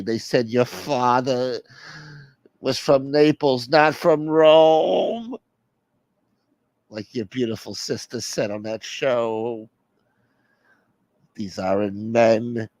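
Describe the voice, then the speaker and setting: A man voicing a clingy, overwrought man who whines in a low, tearful voice. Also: animated, takes it slowly, a little mellow, dry recording, poor audio. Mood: whiny.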